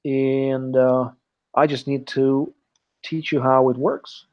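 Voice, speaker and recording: A man's voice: medium pitch, little pitch movement, slow pace. Male english teacher, live online class, explains step by step, keeps asking okay, dull lo-fi call audio. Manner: explanatory, checks in often with "okay". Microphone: computer mic on a video call.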